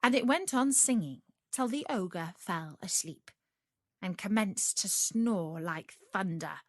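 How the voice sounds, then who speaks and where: Slow, expressive woman reading a fairy tale. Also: medium pitch, no echo, clean studio sound. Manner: slow, expressive read-aloud. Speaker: storyteller. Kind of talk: storybook narration for English learners.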